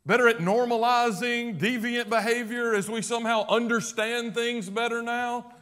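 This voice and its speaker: A man preaching a sermon in a rather high voice. He is emphatic, rising to loud declarations and then dropping to hushed, low passages. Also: steady tone, moderate pace, hardly any pauses. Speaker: pastor.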